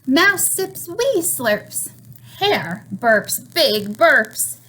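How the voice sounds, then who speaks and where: This is a children's storytime read-aloud in poor audio with slight hiss or hum. A young librarian reads a picture book in a high voice with big pitch swings and drawn-out words, warmly encouraging the children and asking them questions.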